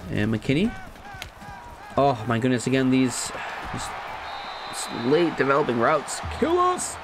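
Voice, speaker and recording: A man giving casual let's-play commentary on a football video game, chatty and thinking aloud, laughing at himself and jumping to loud shouts at big plays. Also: medium pitch, huge pitch swings, unhurried, long pauses, noisy background. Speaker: gaming commentator.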